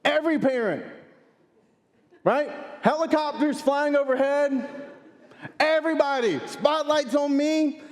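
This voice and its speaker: A man in his thirties, a pastor telling a funny, animated story during a sermon. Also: very high voice, a little slow, long pauses. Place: church sanctuary. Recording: long hall reverb.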